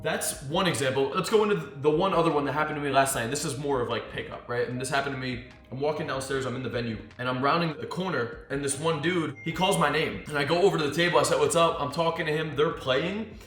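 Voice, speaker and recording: Talking fast with hardly any pauses, a man in a slightly high voice gives casual dating coaching as a monologue. He tells animated stories, swears and acts out what people said. Faint music plays in the echoey room around him.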